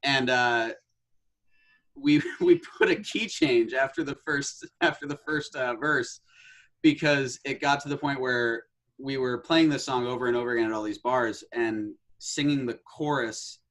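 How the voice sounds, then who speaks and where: A young man in his twenties speaks as an interview guest. His manner is easygoing and he laughs often. His voice sits at an ordinary middle pitch. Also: measured pace, fairly bright tone. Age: 20s. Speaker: guest musician and actor. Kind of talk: casual interview chat.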